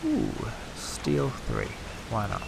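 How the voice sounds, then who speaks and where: A man's voice: on the low side, wildly swooping pitch, takes it slowly, gravelly, noisy background. A man casually commentating his own gameplay, joking and talking back to the characters on screen. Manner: jokey, talks back to the characters. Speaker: let's-play gamer.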